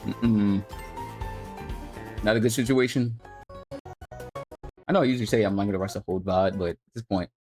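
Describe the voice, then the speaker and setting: A man's voice: fairly low pitch, fairly even intonation, normal speed, long pauses, a little mellow, soft background music. A young man at home, streaming and reviewing gameplay footage in a laid-back, coaching tone that swears casually. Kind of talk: casual commentary.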